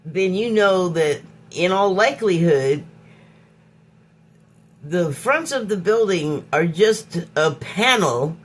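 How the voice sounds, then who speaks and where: This Hollywood podcast host, from the United States, sounds lowish yet animated as she reflects in an unscripted monologue on her show. She often stops to hunt for words and restarts, musing and halting as she goes.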